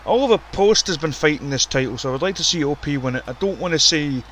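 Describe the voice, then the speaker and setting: A man giving casual, profane, excitable commentary on a wrestling video game and ranting about the roster. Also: on the high side, quick pace, slight background noise. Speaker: commentator and show runner.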